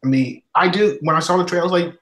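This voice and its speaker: A man's voice: sits high, racing, a bit bright, roomy sound, low-quality recording. A man co-hosting a casual podcast chat, rambling and repeating himself. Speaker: podcast co-host.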